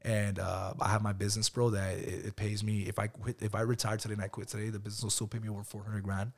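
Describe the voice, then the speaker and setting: A man's voice: fairly low pitch, little pitch movement, quick pace, creaky. A man in his thirties, a guest in a casual interview, talking loosely and calling the host "bro" again and again. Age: 30s. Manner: keeps saying "bro", loose and chatty. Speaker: podcast guest, business owner.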